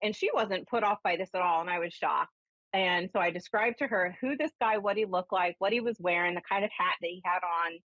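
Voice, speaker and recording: A woman who is a spiritualist minister and medium, telling her story in a chatty, animated way and then giving a caller a reading on a live show. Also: on the low side, fairly quick, no room sound. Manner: chatty storyteller, animated when quoting herself. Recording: dull lo-fi broadcast audio.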